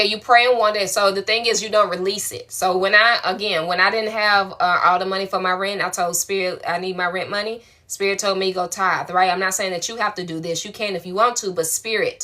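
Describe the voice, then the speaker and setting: Woman, spiritual coach, bright voice, warm slangy encouragement on a live stream. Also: mid-range voice. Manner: affectionate, colloquial, encouraging. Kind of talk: live-stream answering viewer questions.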